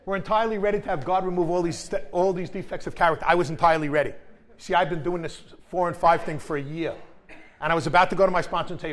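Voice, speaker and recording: A man's voice: high-pitched, fast, fairly bright tone. This is a middle-aged man with a slightly raised voice, sharing his own recovery story. He speaks candidly with dry, self-mocking humor and swears bluntly when it fits. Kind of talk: personal recovery testimony.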